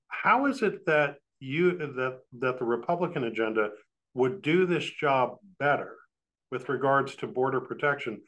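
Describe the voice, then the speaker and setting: Male interviewer, mid-pitched, halting questions. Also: a bit bright.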